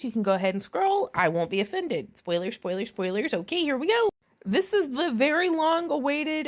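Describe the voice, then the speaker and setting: A woman giving a casual, sarcastic spoiler recap of a movie, chatty and swearing freely with many asides. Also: on the high side. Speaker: movie reviewer.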